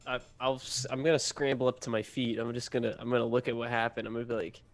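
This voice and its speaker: A man taking part in a tabletop game, casual and a little unsure, often stopping to restart his questions. His pitch is average for a man. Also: level tone. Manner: hesitant, halting questions. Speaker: player.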